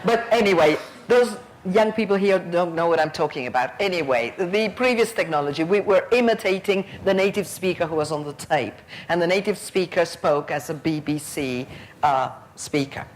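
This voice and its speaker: A woman's voice: on the low side, moderate pace, slight background noise. A woman in her fifties giving a plenary conference lecture, telling stories and acting out the people in them. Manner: lively storyteller who acts out quoted voices. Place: conference hall.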